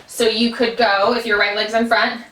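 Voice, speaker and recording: A woman's voice: fairly high pitch, flat delivery, normal speed, a bit bright. A woman teaching an Irish dance lesson in her small kitchen, explaining footwork and counting steps aloud as she dances. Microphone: camera at a distance. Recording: echoey room, far from mic.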